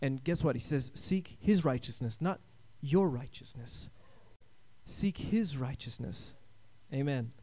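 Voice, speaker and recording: A man preaching a sermon as pastor, swinging between loud emphatic lines and hushed quiet ones and calling for amens. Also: medium pitch, animated, slow pace.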